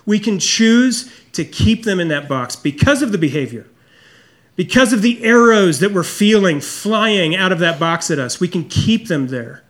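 Middle-aged male pastor with a high-pitched voice, preaching earnestly and personally. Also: lively intonation, normal speed. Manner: earnest, confessional, drops low and soft for emphasis. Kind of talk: sermon.

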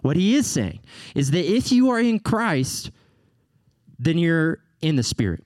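A male pastor preaching a sermon in an animated way, with playful slang asides and emphatic peaks. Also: a little high, unhurried, dry recording.

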